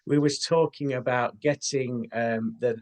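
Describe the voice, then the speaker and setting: A man talking as an interview guest and spiritual medium, telling his experiences in an earnest, unhurried way with many fillers. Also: mid-range voice, fairly even intonation, a little mellow. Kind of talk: casual interview talk.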